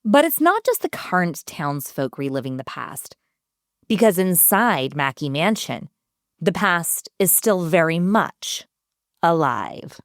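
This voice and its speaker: Lively low-voiced woman narrating. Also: dry recording, studio quality. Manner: measured, expressive storytelling. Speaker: podcast host and narrator. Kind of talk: scripted narration. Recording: soft music underneath.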